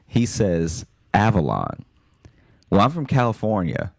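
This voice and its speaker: A man's voice: fairly low pitch, huge pitch swings, a little slow, gravelly, no echo. A man reading listener stories aloud on a comedy podcast, dry with bursts of laughter. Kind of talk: comic podcast chat.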